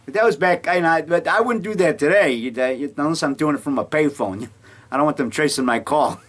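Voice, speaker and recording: A man's voice: on the high side, a little fast. A middle-aged man talking casually at home, telling stories with lots of chuckles and acted-out quotes. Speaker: amateur filmmaker. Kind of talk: casual rambling monologue. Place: home basement.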